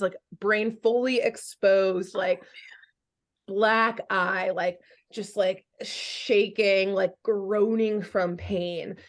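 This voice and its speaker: A young adult woman hosting a podcast, recapping a cartoon episode in animated, casual storytelling full of fillers. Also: medium pitch. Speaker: podcast host.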